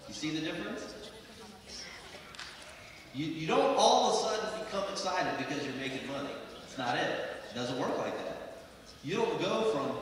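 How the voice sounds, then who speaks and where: A man's voice: on the high side, sharp tone, slight background noise. An American man giving a motivational sales speech on stage, emphatic and repetitive as he rallies the audience. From United States. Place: large conference hall. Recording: echoey hall from far off.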